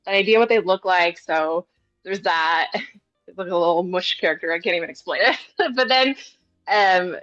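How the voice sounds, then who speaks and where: A woman's voice: on the low side, normal speed, a bit bright, dry recording, dull audio, soft background music. Giggly young woman from California on a call. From California, USA. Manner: chatty, giggly, lots of "like". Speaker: voice actress guest. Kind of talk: casual interview chat. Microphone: video call.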